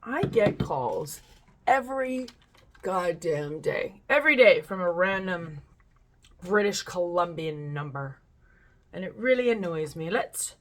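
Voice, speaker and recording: A woman's voice: lowish voice, sing-song, a little slow, a bit bright. A woman hosting her own channel, chatting casually in a rambling way, swearing now and then, and reading stories aloud.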